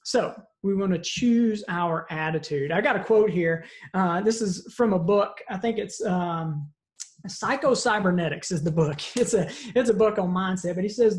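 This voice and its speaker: A man's voice: high voice, normal speed. Earnest male leadership instructor. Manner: earnest, storytelling, asks 'right?' often. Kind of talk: motivational seminar talk. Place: online virtual seminar.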